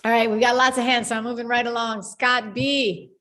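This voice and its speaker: Woman host, upbeat, bit high voice, faint hiss behind. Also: flat delivery, a little fast, a bit bright. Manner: upbeat, encouraging. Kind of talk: moderating a group call.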